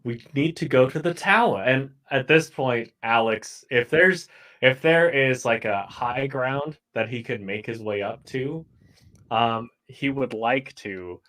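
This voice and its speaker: A man's voice: medium pitch, unhurried, a bit bright. A man playing a tabletop role-playing game, chatting casually and laughing as he describes his character's moves. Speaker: player.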